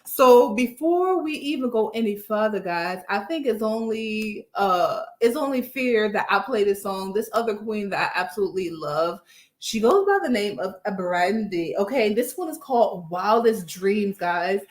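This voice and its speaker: A woman's voice: mid-range voice, expressive, normal speed, echoey room. A woman hosting a casual motivational talk, upbeat and slangy, often checking in with her listeners. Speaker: host.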